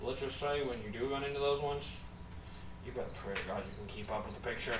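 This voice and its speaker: A man narrating as game master for a tabletop game, talking in an animated way. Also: fast talker. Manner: animated, swings from low to loud. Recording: echoey room, distant mic, background noise.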